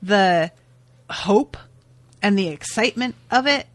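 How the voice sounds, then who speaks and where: A woman podcast host casually recapping a TV episode, chatty and expressive, swearing now and then. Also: mid-range voice, slow pace, no echo.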